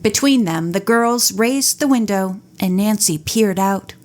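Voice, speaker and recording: Slow, measured woman narrator. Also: mid-range voice, darkish tone. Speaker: audiobook narrator. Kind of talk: audiobook narration.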